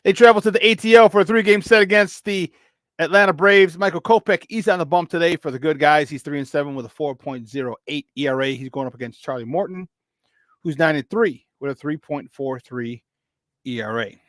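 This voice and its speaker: A man's voice: on the high side, fairly quick, fairly bright tone, no room sound. A young man hosting a casual morning sports talk show, rambling loosely and slipping into Spanish phrases.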